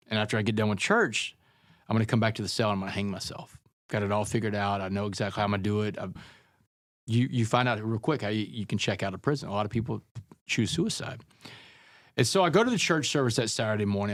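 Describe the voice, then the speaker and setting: A man's voice: on the low side, dry recording, clean studio sound. A man who is a guest author, telling his life story in an earnest, conversational way in an interview. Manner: earnest, conversational, calls people man and brother.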